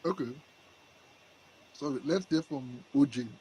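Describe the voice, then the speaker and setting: Nigerian man, moderator, husky, mellow voice, brisk and directive. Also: medium pitch, poor audio. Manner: brisk, directive, mixes in pidgin. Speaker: moderator of an online audio room. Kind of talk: moderating a live audio-room discussion.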